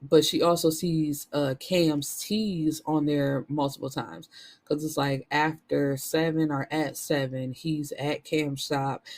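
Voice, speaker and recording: A woman's voice: deep voice, fairly even intonation, takes it slowly, a little mellow. A woman recaps a novel in a loose, chatty way, dropping frank asides as she goes. She speaks as a book reviewer addressing her viewers. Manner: candid, chatty, blunt asides.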